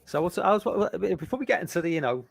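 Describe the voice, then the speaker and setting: A man's voice: high voice, very animated, racing, gravelly. Rambling man hosting a chat. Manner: rambling, many fillers and restarts. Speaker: podcast host. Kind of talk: casual chat.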